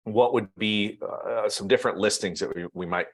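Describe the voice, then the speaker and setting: This is a man leading a live online session for real estate agents. His voice sits a little low, and his delivery is casual and unscripted. He thinks aloud as he types, often pausing on ums.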